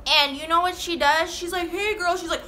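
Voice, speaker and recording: A woman's voice: very high-pitched, steady tone, a little fast, bright, forceful tone. A young woman telling a storytime in a casual, rambling, profane way, full of "like". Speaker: vlogger.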